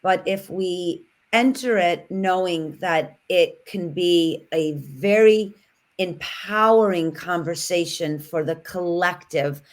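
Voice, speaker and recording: A woman's voice: fairly low pitch, slow pace. A woman on a casual podcast, speaking reflectively and building her points in long flowing lists.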